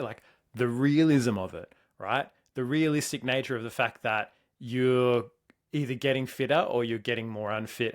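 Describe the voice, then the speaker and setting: A man's voice: fairly low pitch, fairly bright tone. A man co-hosting a fitness podcast, talking emphatically and swearing often as he makes his points. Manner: fast, emphatic, swears a lot. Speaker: podcast co-host. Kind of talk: motivational podcast talk.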